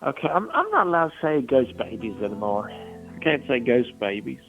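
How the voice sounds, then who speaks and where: A man's voice: mid-range voice, big pitch swings, moderate pace, narrow, tinny audio, faint music behind. A man playing an odd, insistent character who talks in slang with a put-on accent in an improvised comedy bit. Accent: some put-on accent. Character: odd gravelly man with an accent, sure his ghost babies are real.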